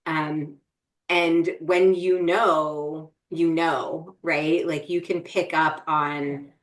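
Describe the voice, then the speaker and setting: Woman, low voice, middle-aged, casual podcast chat, filler-heavy. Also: flat delivery, extremely slow. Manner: chatty, many fillers and restarts. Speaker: podcast co-host.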